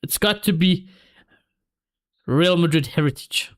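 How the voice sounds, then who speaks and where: Male streamer, high voice, excitable live football watchalong host. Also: measured pace. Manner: excitable, reacts to play and reads viewer comments aloud. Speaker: streamer hosting a match watchalong.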